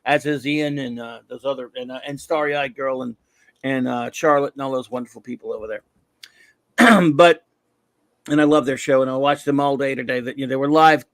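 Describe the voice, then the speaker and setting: A man's voice: mid-range voice, steady tone, moderate pace, fairly bright tone, no echo. A man hosting a show, talking casually as a fan, rambling with many restarts and fillers. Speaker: show host. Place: home room at night.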